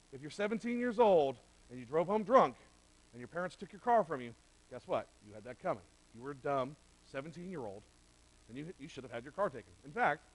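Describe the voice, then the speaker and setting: A man's voice: on the high side, rough recording. A middle-aged man preaching a sermon in a conversational, direct way, speaking straight to the men in the room. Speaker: pastor. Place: church sanctuary.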